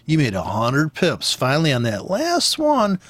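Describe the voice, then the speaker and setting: A man's voice: on the high side, huge pitch swings, measured pace, a bit bright, no echo. Blunt, profane man ranting about trading. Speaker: forex trader teaching. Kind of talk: ranting trading commentary over charts.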